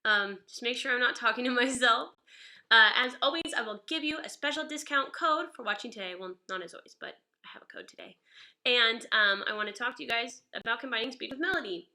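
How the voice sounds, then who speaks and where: Upbeat woman teaching guitar, bright voice. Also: fairly high pitch, a little fast. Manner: chatty and upbeat, greeting viewers by name. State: stuffy nose. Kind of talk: live-streamed guitar lesson. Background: guitar playing.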